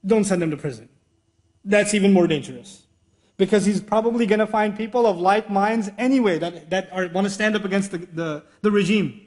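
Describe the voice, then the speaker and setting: A man teaching a religious lecture. He is animated, asks rhetorical questions and acts out bits of dialogue. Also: sits high, brisk. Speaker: Islamic teacher. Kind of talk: lecture sermon.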